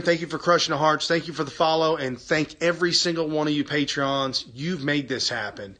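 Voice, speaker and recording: A man's voice: on the high side, bright, forceful tone. A man hosting a casual live stream, chatting with viewers and reading their comments aloud, enthusiastic, laughing and repeating himself.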